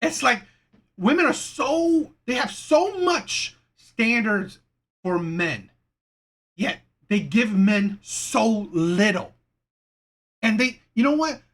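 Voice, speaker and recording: Indignant woman ranting with lively pitch. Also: slow pace, long pauses. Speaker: commentary channel host. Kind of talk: reaction commentary.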